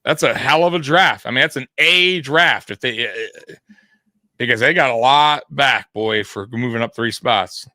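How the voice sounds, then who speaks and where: A man's voice: mid-range voice, measured pace, pushed and bright, no room sound. A middle-aged man from South Florida co-hosting a live sports show in casual, rambling chat with lots of restarts and laughs. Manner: rambling, laughs often, frequent restarts and fillers. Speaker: sports podcast co-host.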